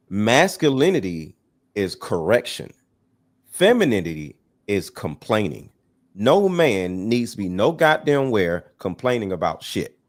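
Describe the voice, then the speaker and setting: A man hosting a livestream, lecturing in a blunt, emphatic way with plenty of swearing. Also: fairly low pitch. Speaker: livestream host. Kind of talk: casual livestream commentary.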